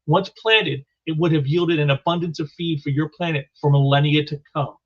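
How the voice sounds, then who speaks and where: Stern telepathic insect queen, read plainly by a man, muffled, fairly high. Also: fairly even intonation, moderate pace, close to an everyday voice. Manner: reading a comic's lines aloud.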